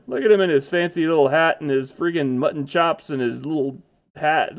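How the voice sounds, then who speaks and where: A man's voice: a little high, normal speed. A man giving casual, chatty commentary over his own gameplay, blurting out exclamations when startled.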